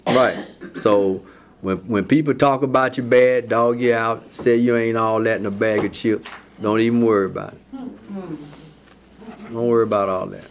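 A man leading a Bible study, who reads scripture slowly and repeats his words as he explains. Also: lowish voice, steady tone, a little hiss or hum.

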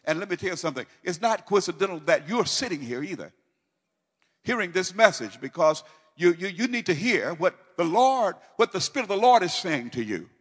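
A man delivers a sermon in a high, bright, ringing voice, moving from quiet teaching to loud, fervent repetition with big pitch swings. He speaks fairly quickly with a slightly rough edge, and a long reverb makes him echo as though in a large hall.

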